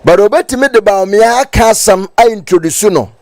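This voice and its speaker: A man's voice: high voice, a little fast, no room sound. A man with a Ghanaian accent hosting a talk show, reading viewer comments aloud with asides. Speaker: host. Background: music.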